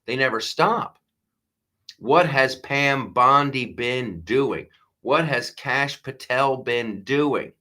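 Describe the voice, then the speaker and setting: A man's voice: mid-range voice, takes it slowly, pushed and bright. A man hosting a live comedy news show, ranting with exasperated sarcasm and frequent restarts.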